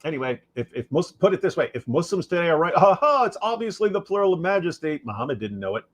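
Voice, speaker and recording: A man's voice: a little high, sing-song, fast talker. A man appearing as a guest on a live stream, chatting casually and making dry, sarcastic asides. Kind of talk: casual livestream chat.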